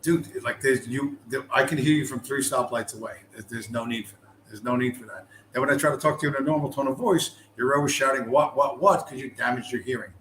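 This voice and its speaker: A man's voice: medium pitch, fast, few pauses, a bit bright. Man, livestream host, casual rambling storytelling, profane, roomy echo, faint background hum. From US East Coast. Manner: rambling, profane, loses his train of thought.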